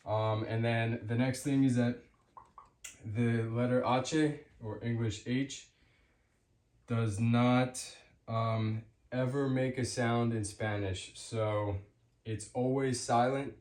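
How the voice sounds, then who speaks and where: A man giving a casual spoken language lesson, hesitant with many fillers, repeating example words slowly. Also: medium pitch, steady tone, darkish tone, echoey room. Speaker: language teacher.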